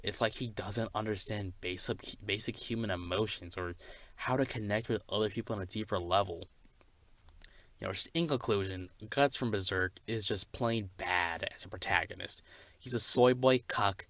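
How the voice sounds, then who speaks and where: A man's voice: on the low side, normal speed, fairly bright tone. A young man voicing a smug, rambling male anime reviewer who stumbles over his words, in a comedy skit. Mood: ranting.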